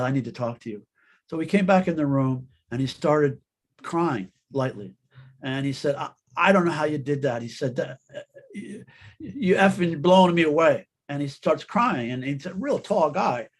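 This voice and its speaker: A man, a guest author, telling a personal story in an interview, in an earnest, halting way with many restarts. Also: medium pitch, darkish tone.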